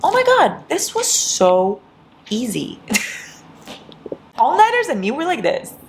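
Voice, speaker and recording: A high-pitched, slow-speaking book vlogger chats casually during an all-night reading session. Tired from not sleeping, she's giddy, swears, and laughs a lot, and slight background noise is audible.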